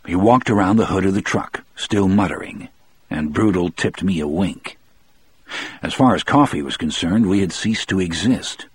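A man reading a first-person story aloud in a measured, steady storytelling manner. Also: deep voice, breathy edge, no echo. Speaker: narrator.

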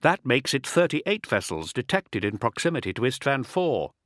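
A man's voice: mid-range voice, sing-song, normal speed, fairly bright tone, no room sound, clean studio sound, voice pushed up. A man voicing an urgent male officer in an audiobook.

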